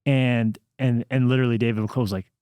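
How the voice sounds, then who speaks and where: A man co-hosts a relaxed podcast conversation. He tells stories and picks up speed when he gets excited. His voice sits in a middle pitch, and the sound is dry and close. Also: no echo. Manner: storytelling, quick bursts when excited. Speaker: podcast co-host. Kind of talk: casual interview chat.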